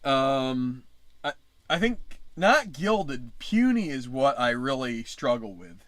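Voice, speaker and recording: A man's voice: medium pitch, sing-song, slow, a bit bright, dry recording. A man hosting a casual livestream chat, rambling and often breaking off to restart his sentences. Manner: rambling, self-interrupting. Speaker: channel host.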